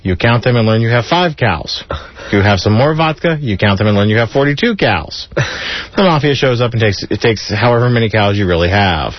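A man's voice: on the low side, brisk, dry recording. A man hosting a community radio show, reading a list of jokes aloud and chuckling between them. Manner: chuckling, animated joke delivery. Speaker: radio host. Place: radio studio. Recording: dull lo-fi radio broadcast.

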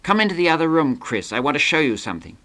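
A man's voice: a little high, sing-song, a bit bright, voice pushed up. A man doing a smug drawling charmer. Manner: slow self-satisfied drawl.

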